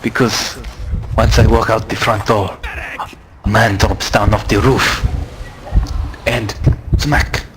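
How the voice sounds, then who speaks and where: A man telling a comic in-character story in deadpan broken English on a game server. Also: on the low side, slow pace, long pauses. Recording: noisy voice-chat mic.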